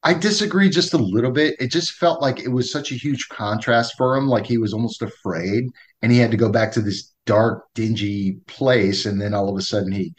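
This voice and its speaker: A man's voice: medium pitch, moderate pace, hardly any pauses. A joking man co-hosting a horror film podcast, talking casually. He stumbles over his words and restarts sentences as he goes. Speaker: podcast co-host.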